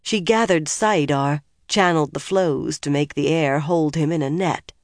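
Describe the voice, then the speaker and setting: Audiobook narrator, measured and expressive delivery, mid pitch, dry recording. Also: no room sound. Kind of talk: scripted narration.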